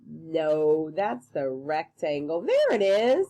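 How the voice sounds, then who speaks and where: Lively sing-song woman teacher. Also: lowish voice, takes it slowly, few pauses. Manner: sing-song, encouraging, talks to kids. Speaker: preschool teacher. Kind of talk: online circle time for young children.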